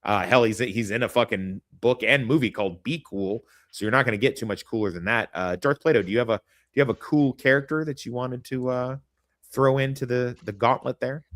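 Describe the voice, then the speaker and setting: A man's voice: medium pitch, a little fast, fairly bright tone, no room sound, studio quality. A man from Kansas, hosting a crude, rambling podcast chat. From American Midwest, Kansas. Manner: profane, rambling, laughs often. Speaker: podcast host.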